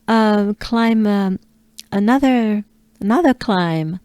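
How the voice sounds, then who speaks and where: A woman from France with a French accent, patiently coaching pronunciation and repeating words slowly with soft breathy asides. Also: fairly low pitch, expressive, no room sound. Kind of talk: slow pronunciation lesson.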